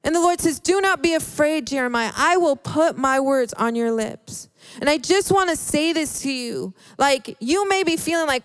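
A woman preaching a sermon in an earnest, halting way, often restarting her words. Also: high voice, lively intonation, no room sound. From Hispanic background.

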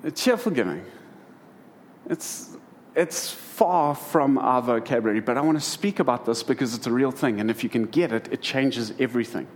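A man's voice: mid-range voice, moderate pace, slight background noise. A middle-aged man preaching to a congregation, telling humorous stories about family life. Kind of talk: sermon.

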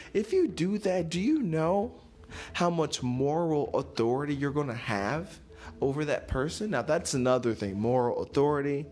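A man hosting a solo motivational podcast, talking in an animated, playful way with sudden jumps in pitch. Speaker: podcast host.

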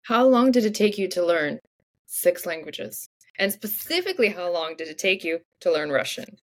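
Woman host with a lively pitch. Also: normal speed. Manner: brief interviewer, short backchannel replies. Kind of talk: interview questions.

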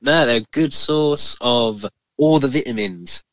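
A man's voice: medium pitch, measured pace, a bit bright, no echo. A man co-hosting a podcast, chiming in with playful teasing jokes in casual banter. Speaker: podcast co-host.

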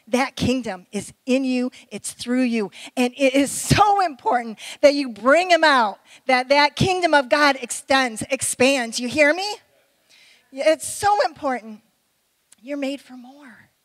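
A middle-aged woman preaching a sermon in a conversational way, with quick asides and questions to the audience. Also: high-pitched, lively intonation, no room sound, low-quality recording.

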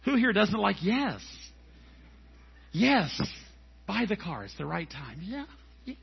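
A middle-aged man preaching a sermon as a pastor, animated and telling stories. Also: high voice, takes it slowly, creaky, slightly rough, dull audio. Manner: animated and storytelling, acting out scenes.

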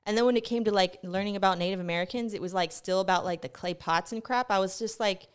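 A woman's voice: medium pitch, clean tone. A young woman hosting a podcast, telling a rambling, profane story in a casual monologue, her close mic catching her breathing. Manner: profane, animated storytelling, rushes then slows. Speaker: podcast host. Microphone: close mic picking up breathing.

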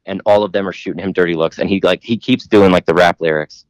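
A man's voice: low voice, steady tone, fast talker, no room sound. A man telling a long rambling story in casual podcast chat, full of "like" and casual swearing.

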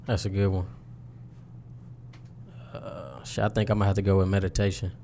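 A man's voice: low-pitched, flat delivery, normal speed, vocal fry, warm tone, slight background noise. A man, a rapper, talking about his music in a loose, slangy interview chat. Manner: laid-back, slangy, loose storytelling. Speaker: rapper guest.

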